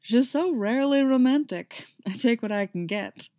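A dangerous man who teases with smug affection, voiced by a woman reading aloud. His lines come at a middling pitch. The recording is dry and close. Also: moderate pace, darkish tone, no echo, close to an everyday voice. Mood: teasing, tender.

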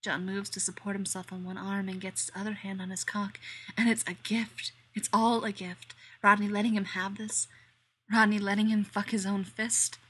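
A woman narrating an erotic audio story in a slow, intimate manner that slips into whispers. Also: mid-range voice, level tone, fairly bright tone, slightly rough.

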